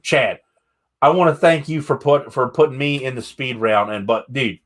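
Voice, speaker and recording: A man's voice: mid-range voice, moderate pace, fairly bright tone. A man hosting a casual interview podcast, talking candidly and rambling with enthusiasm. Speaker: podcast host.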